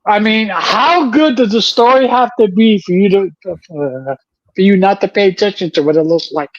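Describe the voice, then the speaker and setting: A man co-hosting a casual chat, animated and incredulous as he talks. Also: high voice, moderate pace, no echo. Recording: dull lo-fi mic.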